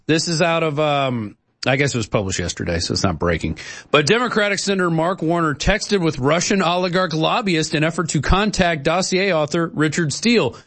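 A man's voice: a little high, fairly quick, a bit bright. A man hosting a talk show, reading news items aloud with sarcasm. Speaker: host.

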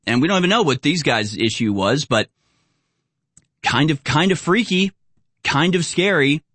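A man's voice: a little high, expressive, normal speed, fairly bright tone, no echo. A man hosting online commentary over video clips, talking in a sarcastic, indignant rant. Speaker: political commentary host.

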